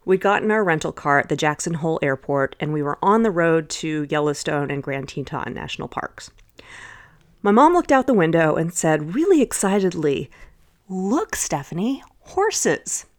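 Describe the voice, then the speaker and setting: Podcast host, middle-aged woman from Texas, lively storyteller, lowish voice. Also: moderate pace, clean tone. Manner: lively anecdotal storytelling with chuckles.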